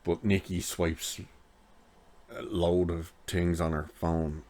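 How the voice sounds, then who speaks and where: A TV episode reviewer with a deep, darkish voice recaps an episode slowly and flatly. His casual retelling rambles and is packed with filler "like"s.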